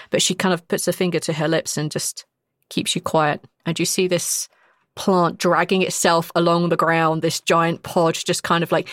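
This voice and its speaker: A woman's voice: fairly low pitch, no echo, studio quality. A woman narrating as game master in a casual tone, full of fillers. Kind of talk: narrating a tabletop role-play.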